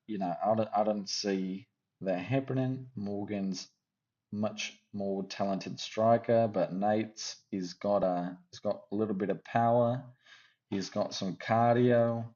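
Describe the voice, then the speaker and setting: Man, fight-picks host, casual, jokey, rambling, low voice, muffled lo-fi sound. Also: warm tone. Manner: jokey, rambling, teasing asides. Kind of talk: casual fight-prediction chat.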